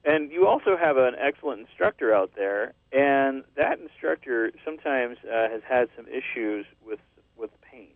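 A man's voice: medium pitch, animated, moderate pace, no echo. Man with a dry, tinny radio sound. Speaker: radio show host. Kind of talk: casual radio chat. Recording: dry, tinny phone-like line.

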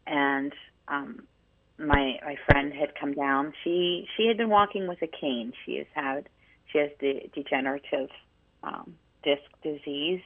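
A woman co-hosting a radio talk show, telling a story in an animated way with many restarts. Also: deep voice, unhurried. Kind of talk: casual radio chat, storytelling. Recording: tinny phone-line sound.

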